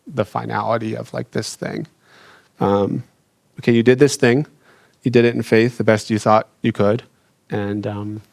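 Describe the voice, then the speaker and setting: A young adult man sharing a personal faith story, earnest and halting, with frequent restarts and fillers. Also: medium pitch, vocal fry, dry recording. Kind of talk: reflective personal testimony.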